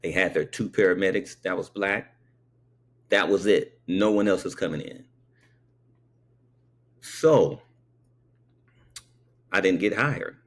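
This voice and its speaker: A man's voice: low-pitched, takes it slowly, pauses often. A man telling a personal story in a conversational way, often checking in with the listener.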